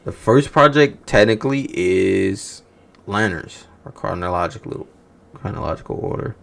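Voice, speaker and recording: A man with a low voice hosts a casual livestream, answering viewers in profane, teasing banter. His pitch swings widely as he ribs them with pointed rhetorical questions. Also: lively intonation, moderate pace, gravelly, fairly bright tone. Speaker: livestream host reacting to movie news.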